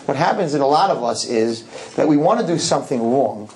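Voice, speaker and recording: A man's voice: mid-range voice, lively intonation, fairly quick, darkish tone, a little hiss or hum, rough recording. A man speaking as a rabbi, telling a story to a live audience and acting out both sides of the conversation in shifting voices.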